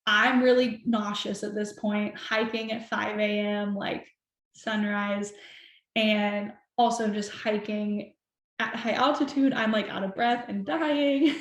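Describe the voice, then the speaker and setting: A young woman telling a personal story as a podcast guest, animated and chatty, full of "like". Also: mid-range voice, takes it slowly. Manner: animated, chatty, heavy use of "like". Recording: roomy echo.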